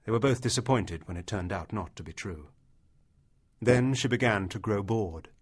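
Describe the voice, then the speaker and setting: A man narrating a literary short story as an audiobook, in a measured storytelling manner. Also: lowish voice, husky.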